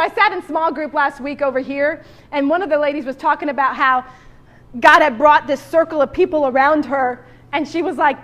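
A woman pastor preaching a sermon with animated asides and calls to the congregation. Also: high-pitched, muffled recording.

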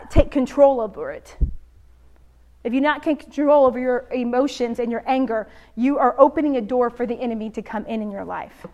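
A woman giving conversational Bible teaching, animated and expressive, speaking straight to her listeners. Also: high-pitched.

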